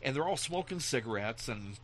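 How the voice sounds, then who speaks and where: A man chatting casually, telling animated stories and acting out the voices of people in them. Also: mid-range voice, a little fast, slight background noise. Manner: animated storyteller who acts out voices, laughing often. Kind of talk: casual chat.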